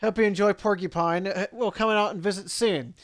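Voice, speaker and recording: A man's voice: high voice, steady tone, fairly quick. A man voicing a caring, worried mother who texts her son, read aloud plainly.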